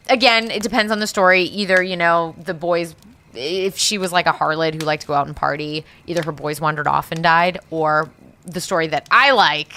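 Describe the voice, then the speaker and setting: Woman, podcast storyteller, bright and forceful tone, profane, chatty. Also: sits low. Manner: lively, profane, laughing asides. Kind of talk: casual storytelling chat.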